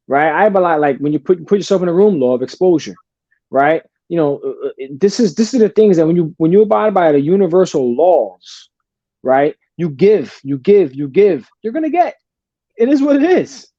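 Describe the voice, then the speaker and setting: Blunt, profane male guest, swears freely, mellow tone, dry close sound. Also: fairly high pitch, very animated, fairly quick, no echo, lo-fi sound. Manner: blunt and profane, calls the host brother. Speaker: podcast guest. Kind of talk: casual storytelling.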